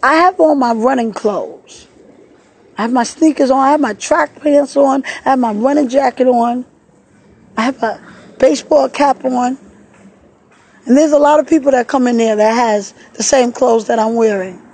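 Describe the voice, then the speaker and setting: A woman speaks into a phone camera while sitting in a park, sad and shaken, her delivery halting with repeated words. Her voice sits a little high, with a husky, mellow tone. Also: poor audio. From New York. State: tearful. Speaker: vlogger. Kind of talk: emotional personal vlog. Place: outdoors in a park.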